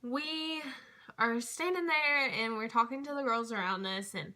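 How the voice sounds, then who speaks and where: Young female vlogger, bright and crisp tone, gushing storytime chatter with frequent fillers. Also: fairly high pitch, measured pace. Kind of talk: casual storytime chat.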